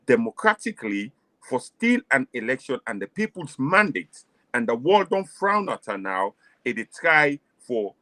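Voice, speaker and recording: A man's voice: mid-range voice, a bit bright, dry recording. A man with a Sierra Leonean Krio-English accent, hosting a political discussion show and pressing his guests with impassioned questions. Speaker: host.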